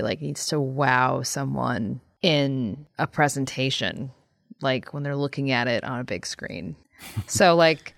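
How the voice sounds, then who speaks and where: A woman's voice: low-pitched, dry recording, studio quality. A woman designer in a casual chat who talks freely and laughs often.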